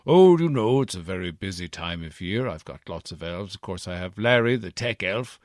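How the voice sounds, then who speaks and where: A man's voice: sits low, lively intonation, moderate pace, darkish tone, dry recording, studio quality. A man voicing a bumbling, self-important old Santa Claus whose accent keeps shifting between Midlands and posh English, rambling and evasive. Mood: pompous rambling. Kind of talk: comedy podcast sketch.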